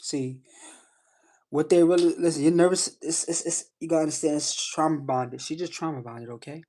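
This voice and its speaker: A man's voice: on the high side, steady tone, brisk, dark tone. A man hosting a live stream, coaching callers with emphatic, repetitive advice and frequent "you know what I'm saying.". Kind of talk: casual coaching talk to callers.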